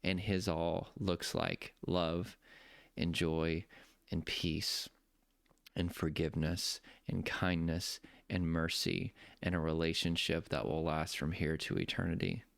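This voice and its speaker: Man, coach type, earnest faith talk; deep and gravelly with a smooth, dry sound. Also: little pitch movement, dry recording. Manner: earnest, preacherly, slows down for emphasis. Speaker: nervous system coach. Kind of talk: heartfelt personal faith talk.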